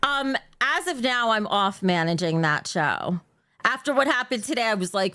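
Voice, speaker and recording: A woman's voice: mid-range voice, sing-song, moderate pace, pushed and bright. A woman talking frankly and bluntly in a played clip, swearing as she explains stepping down from managing a show. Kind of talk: casual frank talk.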